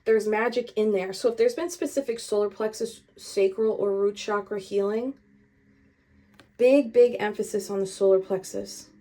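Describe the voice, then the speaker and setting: A young woman talks through a tarot reading straight to her viewers. She is chatty and meandering, and she leans on her points with emphasis. Her voice sits at an ordinary middle pitch. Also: moderate pace, mellow. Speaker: tarot reader. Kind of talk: casual spiritual tarot reading.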